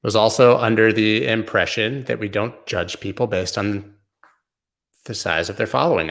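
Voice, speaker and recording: A man's voice: lowish voice, normal speed, gravelly, fairly bright tone. A man hosting a casual livestream, joking and riffing while he answers viewer comments. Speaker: host.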